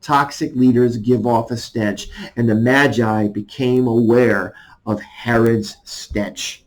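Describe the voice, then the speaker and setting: A man in a mid-range voice gives a devotional message as an army chaplain. He talks in a loose, conversational way and reads scripture aloud. His voice sits at an ordinary pitch for a man. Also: steady tone, slow, rough recording.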